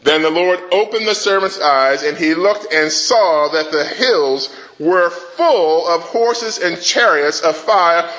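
A male preacher delivering an animated sermon, his voice bright and forceful and pitched a little high. He calls on the congregation to answer back. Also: slow, few pauses, low-quality recording. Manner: animated, call-and-response with the congregation; dramatizes the king's rant in a rising voice.

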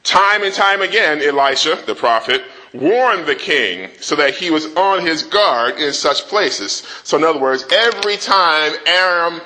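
Bright-voiced male preacher. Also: a little high, unhurried, hardly any pauses, rough recording. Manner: animated, call-and-response with the congregation; dramatizes the king's rant in a rising voice. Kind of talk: sermon.

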